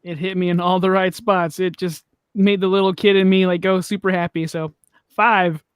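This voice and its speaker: A man's voice: high voice, little pitch movement, moderate pace, clean tone, no room sound. A man co-hosting a podcast, easygoing and laughing often in casual chat. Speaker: podcast co-host.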